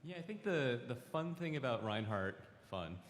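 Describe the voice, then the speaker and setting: A man on a live convention panel, explaining things in a thoughtful, measured way. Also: mid-range voice, sing-song. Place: large convention hall stage. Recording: reverberant hall with crowd ambience.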